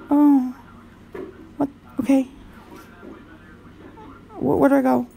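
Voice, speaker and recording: A woman's voice: high-pitched, level tone, slow pace, gravelly, warm tone. A woman vlogger giving goofy, sing-song commentary while playing a driving game. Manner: silly, giggly, sing-song rambling.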